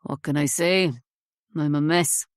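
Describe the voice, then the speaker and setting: A woman's voice: steady tone, unhurried, clear, resonant tone, no echo, clean studio sound. Woman voicing a weary, mumbling uncle. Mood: sheepish. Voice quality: low, weak, mumbling. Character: weary sheepish hungover middle-aged Irish uncle.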